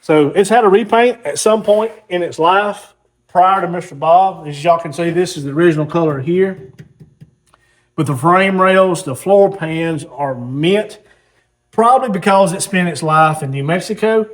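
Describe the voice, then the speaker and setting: A man's voice: sits high, moderate pace. A man, casually telling a rambling story while showing his car collection. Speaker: car hobbyist host.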